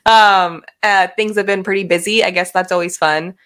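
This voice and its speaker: A woman co-hosting a casual podcast on a video call, talking quickly with frequent giggles and self-deprecating remarks. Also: mid-range voice, steady tone, a bit bright. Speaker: podcast co-host. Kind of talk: casual chat. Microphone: remote video call.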